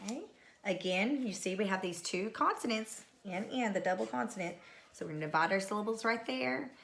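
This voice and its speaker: A woman's voice: mid-range voice, lively intonation, brisk, vocal fry, a bit bright. A middle-aged woman teacher recording a spelling lesson at home, patiently calling out words and spelling them letter by letter.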